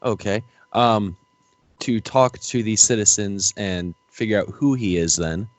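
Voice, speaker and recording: A man's voice: on the low side, measured pace. A man playing a recruit in a tabletop role-play session, casual, playful and eager. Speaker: player.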